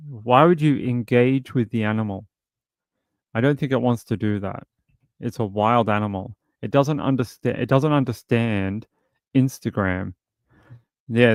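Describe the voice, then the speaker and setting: A man's voice: medium pitch, no room sound, clean studio sound. A man hosting a true crime live stream, reading news and viewer comments with blunt, mocking commentary. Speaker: true crime show host.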